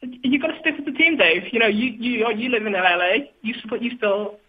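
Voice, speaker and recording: Liverpool caller on a tinny phone line. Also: male voice, very high voice, expressive, a little fast, breathy edge. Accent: Liverpool English. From England. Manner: rambling, filler-heavy, good-humored. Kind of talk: casual phone call.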